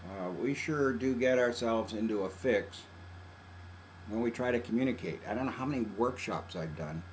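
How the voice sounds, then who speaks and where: A man's voice: fairly low pitch, a little hiss or hum. Folksy older man giving parenting advice. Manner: folksy, conversational, acts out quoted lines. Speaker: family counselor. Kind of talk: casual advice talk.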